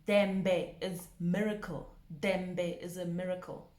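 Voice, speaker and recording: A woman teaching a pronunciation lesson, slowly repeating each word with care. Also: lowish voice, little pitch movement, a little mellow, reverberant. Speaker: language teacher.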